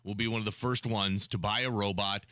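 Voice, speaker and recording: Bright-voiced male radio host. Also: lowish voice, fairly even intonation, a little fast, dry recording, clean studio sound. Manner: chatty, repeats words when starting sentences. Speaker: radio talk show host. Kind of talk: casual talk radio banter. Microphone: studio microphone.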